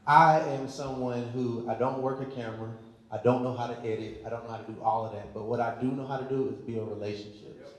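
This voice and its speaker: A man's voice: medium pitch, steady tone, a little fast. A man on a panel speaking to a live audience, with a confident and emphatic salesman's delivery. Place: large hall at a community event. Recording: very echoey hall.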